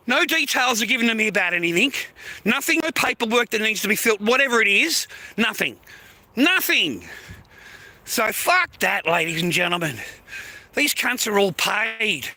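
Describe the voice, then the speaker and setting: A man venting on a live stream, cursing freely in a blunt, irritated rant. His voice sits high and sounds sharply bright and forceful. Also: sing-song, normal speed, no room sound. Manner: angry, heavy swearing, blunt. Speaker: livestreamer.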